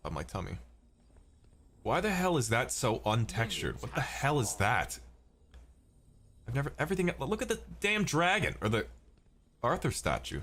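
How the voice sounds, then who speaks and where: A man's voice: mid-range voice, sing-song, normal speed, long pauses, fairly bright tone. A young adult man giving profane, rambling gameplay commentary as a streamer. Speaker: gaming streamer.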